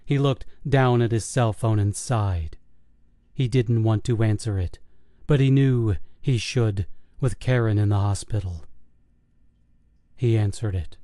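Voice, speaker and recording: Brief: male audiobook narrator, dark mellow tone, dry close recording, steady delivery. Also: lowish voice, no echo. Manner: steady, measured storytelling. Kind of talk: scripted horror audiobook narration.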